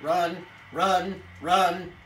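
A woman commentating her own video game play, excitable, swearing and yelling at the screen. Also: fairly low pitch, drawn-out words. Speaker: gaming video creator. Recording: echoey room, off-mic, faint hiss.

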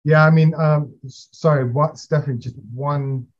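A man's voice: a little high, fairly even intonation, normal speed, lo-fi sound. A man being interviewed as an actor, talking casually with many fillers and restarts.

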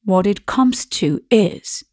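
A woman's voice: medium pitch, expressive, slow pace, dark tone, no echo, clean studio sound. A woman reading the part of a grand, bossy elder spinster sister who speaks in a lofty, firm way.

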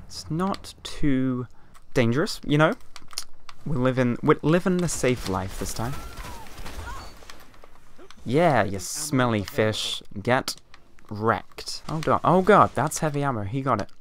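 A man giving chatty, excitable gameplay commentary at home, leaning toward a mic set below him. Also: medium pitch, unhurried, slight background noise. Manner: excitable, chatty, exclaims at the game. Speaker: gaming video creator. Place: home room with TV and a hot light. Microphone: mic placed below him, leans in.

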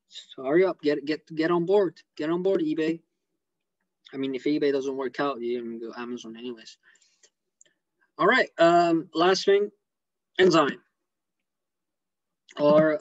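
A man with an English accent giving rambling, excitable commentary on a live stream over a video call. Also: on the high side, no echo, lo-fi sound. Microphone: computer mic on a video call.

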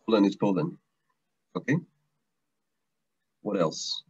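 A man's voice: low-pitched, slow pace, darkish tone, husky. A man teaching an online language taster class, chatty, repeating words and restarting often, over a video call. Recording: dull lo-fi online stream audio.

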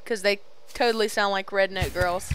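A woman's voice: mid-range voice, steady tone, moderate pace, noisy background. Playful young woman taunting game enemies. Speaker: gamer recording a let's play. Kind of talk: casual gaming chat over a voice call.

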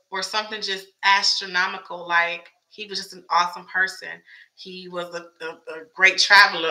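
A woman talks through her theories in a loose, chatty vlog, stacking up rhetorical questions as she goes. Her voice is very bright and a little strained. She sits at a middle pitch for a woman. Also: low-quality recording. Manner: chatty, wondering aloud, many rhetorical questions. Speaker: show commentator. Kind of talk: casual fan commentary vlog.

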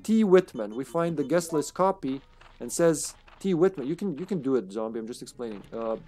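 A man's voice: medium pitch, expressive, brisk, darkish tone, faint music behind. A man streaming a game live, giving casual commentary, joking, laughing often and talking to his co-op partner.

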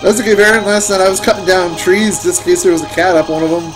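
A man's voice: high voice, level tone, quick pace, poor audio. A man streaming a game, chatting casually with sarcastic, playful banter and free swearing while he plays. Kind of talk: casual gameplay chat. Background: game music.

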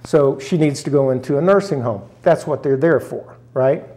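With a mellow, medium-pitched voice at normal speed, an older man from rural Arkansas recounts a personal family story for an interviewer. He is earnest and emotional, his voice catching at times, and he acts out his relatives' words.

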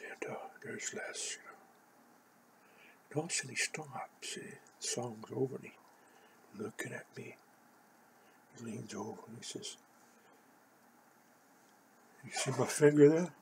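An older man from California, hoarse, telling a rambling personal story full of "you know". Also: mid-range voice, normal speed, pauses often, whispered. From Oakland, California.

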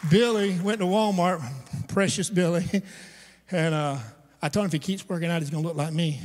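A pastor whose voice sits high, with a steady, somewhat dark tone and moderate pace, delivers a storytelling sermon in a church sanctuary. He's conversational and funny, turning aside to his listeners, while long hall reverb and a faint hiss or hum color the recording.

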